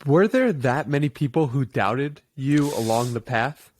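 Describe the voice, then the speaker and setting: A young man hosts a podcast with an eager, conversational tone, building on his guest's points. His pitch sits in the ordinary middle range. The recording is dry and close-miked. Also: animated, a little slow, darkish tone, dry recording. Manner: enthusiastic, conversational, short affirming interjections. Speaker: podcast host. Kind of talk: casual interview conversation.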